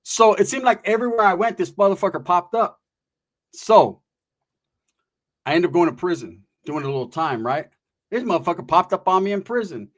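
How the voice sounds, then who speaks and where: A man from California telling a story in casual chat, with rapid, profane, animated street slang. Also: high voice.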